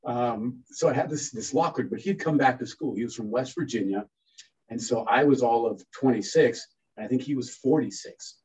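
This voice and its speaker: A man's voice: mid-range voice, normal speed, slightly rough, distant mic, poor audio. A man in his fifties, a defense lawyer, telling earnest stories from his work with clients. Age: 50s. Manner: earnest, anecdotal, animated when quoting himself. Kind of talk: reflective storytelling talk.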